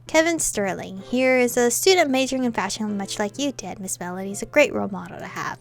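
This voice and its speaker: A woman's voice: medium pitch, lively intonation, brisk, creaky. A woman voicing a kindly older male professor from a romance game. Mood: friendly.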